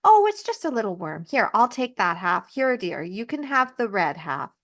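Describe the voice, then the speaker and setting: A woman's voice: medium pitch, very animated, moderate pace, fairly bright tone. A woman voicing a wicked queen disguised as a kindly old peddler woman, coaxing in a falsely sweet way.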